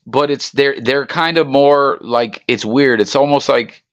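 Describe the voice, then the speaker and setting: A man's voice: mid-range voice, measured pace, muffled recording. A man chatting casually on a livestream podcast, hesitant and full of "like" and restarts.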